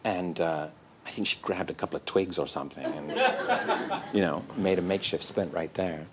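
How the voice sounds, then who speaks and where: A man, a guest in an interview, telling animated, self-deprecating stories and acting out the voices. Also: low-pitched, normal speed, background noise. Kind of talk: anecdotal storytelling in an interview.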